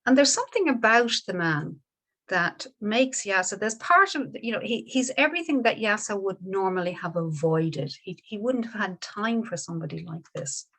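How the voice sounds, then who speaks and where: A woman, a Buddhist teacher telling a story in a dharma talk, gentle and unhurried with small restarts. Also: medium pitch, animated.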